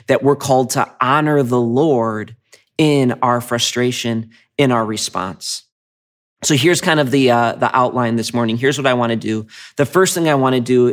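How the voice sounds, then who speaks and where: A male pastor preaching a sermon in a conversational way, often repeating words as he starts a phrase. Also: medium pitch. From Michigan.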